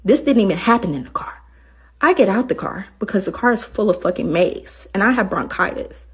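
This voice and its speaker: Rideshare driver, woman, husky, indignant storyteller. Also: medium pitch, expressive, fairly quick. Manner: indignant, acting out both sides of the argument. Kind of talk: venting story to camera.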